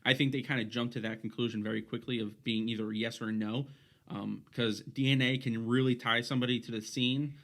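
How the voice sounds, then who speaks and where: A man's voice: medium pitch, fairly even intonation, brisk, fairly bright tone. Rambling man on a casual podcast. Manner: rambling, with many restarts and fillers. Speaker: podcast co-host.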